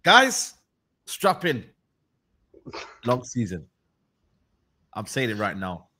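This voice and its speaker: A man's voice: mid-range voice, wildly swooping pitch, slow, pushed and bright, slight background noise. A man ranting about his football team in heated, slangy banter. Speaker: football fan.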